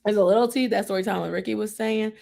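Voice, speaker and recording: A woman's voice: mid-range voice, fairly even intonation, quick pace, gravelly, a little mellow. A woman hosting a casual TV recap chat, chatty and opinionated, often acting out what people on the show said. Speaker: host.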